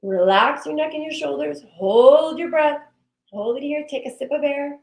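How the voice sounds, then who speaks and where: A woman leading a guided breathing and movement session, giving slow, soothing cues and affirmations. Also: high-pitched, gravelly, darkish tone. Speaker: breathwork and wellness instructor. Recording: echoey room.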